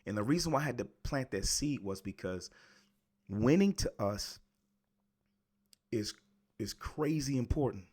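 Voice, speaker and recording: A man's voice: mid-range voice, lively intonation, unhurried, long pauses, a little mellow, breathy edge. A man in his forties telling a personal story earnestly, repeating words for emphasis. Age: 40s. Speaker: motivational speaker.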